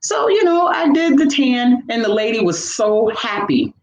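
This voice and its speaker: A woman, a fitness coach and veteran, telling her personal story in a lively, motivational way during a live interview. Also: on the high side, normal speed, highs cut off. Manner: animated, motivational, acts out her own inner voice. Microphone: live video call. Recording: echoey room with faint background noise.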